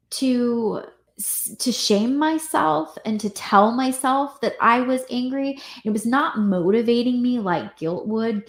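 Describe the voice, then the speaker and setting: A woman working as a parenting coach, talking casually to the camera and often pausing to rephrase her thoughts with fillers. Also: medium pitch. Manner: conversational, with many fillers and restarts. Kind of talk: casual reflective talk to camera. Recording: echoey room.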